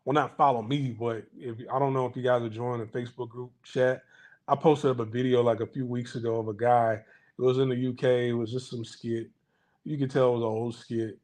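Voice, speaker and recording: In a level, slightly mellow mid-range voice, a man hosting a commentary channel talks briskly to viewers. His casual monologue is a blunt, profanity-laced rant with frequent restarts, and he imitates others' voices in his stories.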